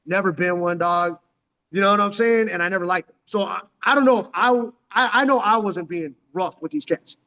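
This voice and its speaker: Forties guy from san diego, talks quick and cussy, high-ish voice, lots of reverb on it. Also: sharp tone. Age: 40s. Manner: slangy and profane, keeps saying "dog". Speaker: vlogger. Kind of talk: casual storytelling. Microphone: headphones on. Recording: long echoing reverb.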